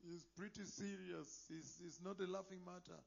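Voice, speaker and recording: A man preaching a sermon, moving between quiet asides and loud impassioned declarations. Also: high-pitched, fairly even intonation, moderate pace, gravelly, muffled recording.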